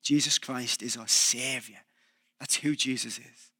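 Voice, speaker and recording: A man's voice: medium pitch, fairly even intonation, unhurried, sharp tone, breathy edge, no echo, clean studio sound. A male pastor preaching a sermon, building emphasis and putting questions to the congregation.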